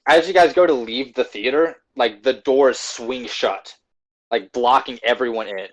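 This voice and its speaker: A man's voice: medium pitch, measured pace, rough recording. A man acting as game master, narrating the scene loosely with many fillers.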